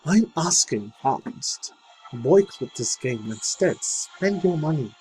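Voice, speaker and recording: A man voicing a woman, quoting her words in a put-on British accent, slow and earnest. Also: a little high, lively intonation, darkish tone, soft background music, pitched above the performer's own voice, poor audio.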